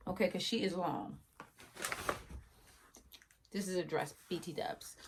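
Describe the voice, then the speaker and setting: A woman casually reviewing a wig for her viewers, chatty and often yelling with excitement. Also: lowish voice, a little slow, a little hiss or hum. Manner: chatty, addresses viewers as y'all.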